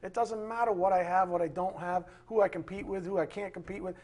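A middle-aged man preaching with a husky voice, firing off rhetorical questions and swinging from loud outbursts to hushed asides. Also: high voice, fairly even intonation, brisk, hardly any pauses. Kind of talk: sermon.

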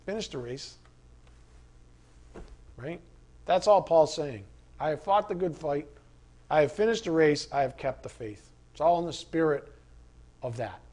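Man, preacher, high voice, very lively, animated delivery, sermon. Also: unhurried, long pauses. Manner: animated, acts out voices and shouts.

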